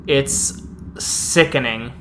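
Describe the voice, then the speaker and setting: A woman's voice: very deep voice, very slow, slight background noise. A woman acting as storyteller, narrating a tabletop horror game with descriptive, dramatic pacing.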